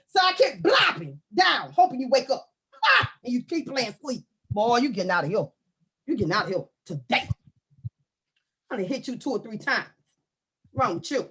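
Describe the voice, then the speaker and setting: A high, bright female voice, swinging wildly up and down as she rants. She talks in a loud, comic, animated way and often breaks into shouts. It is casual talk, delivered with plenty of energy. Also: normal speed, husky. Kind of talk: casual comic rant to camera.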